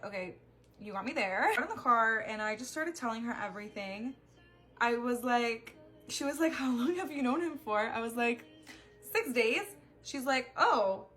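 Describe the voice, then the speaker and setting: A woman's voice: on the high side, a bit bright. A young adult woman telling a story in a chatty, casual way, with plenty of "like" fillers. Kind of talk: casual storytime while getting ready.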